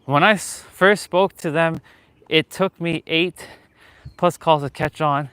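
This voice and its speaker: A man with a Western Canadian accent talks loosely on a live stream, rambling, laughing and dropping the odd curse. His voice is bright and smooth, and the sound is dry and close with no room around it. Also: on the high side, steady tone, unhurried, no room sound. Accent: Western Canadian English. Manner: loose, chatty, laughs often and swears casually. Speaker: fitness live-stream host. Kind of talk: casual live-stream chat. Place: lives in Canada.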